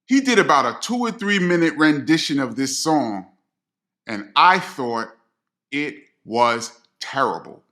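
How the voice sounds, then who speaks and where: Slow-talking, lively New storyteller man. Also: on the high side. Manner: animated, slangy, addresses viewers directly. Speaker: DJ telling a story. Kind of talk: storytelling to camera.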